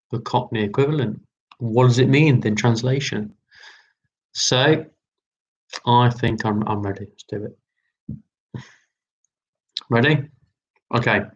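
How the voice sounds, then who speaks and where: A man's voice: mid-range voice, lo-fi sound. A man hosting a live online quiz, chatty and repeating his lines. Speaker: quiz host.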